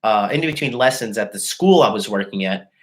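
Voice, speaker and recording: A man's voice: on the low side, animated, brisk. A man in his thirties hosting a casual livestream, telling crude, boastful stories with a lot of swearing and laughter, and greeting viewers as he goes. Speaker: dating coach host.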